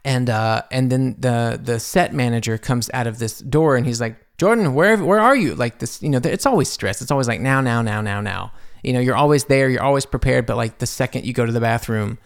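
Podcast host, male, gravelly mid-range voice, rambling storyteller from a home studio. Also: fairly quick, hardly any pauses. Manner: animated, jumps high when quoting himself; rambling with restarts and asides. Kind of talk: casual storytelling monologue.

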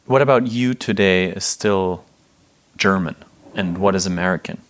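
A man interviewing a guest, asking gentle, curious questions in a halting way. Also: deep voice. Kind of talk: casual conversational interview.

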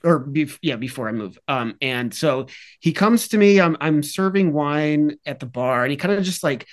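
Young adult male podcast guest, slightly higher voice, easygoing storyteller. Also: expressive, moderate pace. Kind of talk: casual storytelling chat.

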